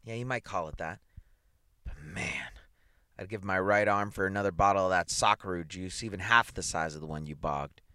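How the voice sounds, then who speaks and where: A man's voice: deep voice, moderate pace, sharp tone, no echo, clean studio sound. A man doing a jittery, wisecracking newspaper man. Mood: defensive. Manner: defensive, blustering, slangy. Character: nervous, wisecracking male newspaper columnist.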